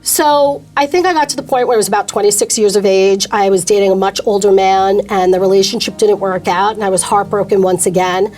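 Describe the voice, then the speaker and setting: A middle-aged woman shares her faith testimony as an interview guest, candid and emotional, with quick asides. Her voice sits at an ordinary middle pitch, and faint music plays underneath. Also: steady tone, darkish tone.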